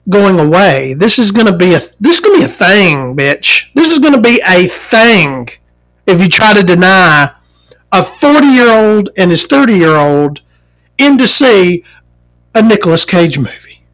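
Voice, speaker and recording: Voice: medium pitch, big pitch swings, measured pace, fairly bright tone, low-quality recording. Ranting, profane forty-year-old storyteller. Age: 40s. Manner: angry and exasperated, heavy swearing, mimics the people in the story. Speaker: vlogger.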